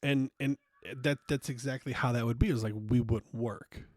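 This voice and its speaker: A man's voice: medium pitch, fairly even intonation, normal speed, no room sound, studio quality. A man hosting a podcast, talking through a loose, frank monologue with casual swearing and many fillers. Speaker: podcast host.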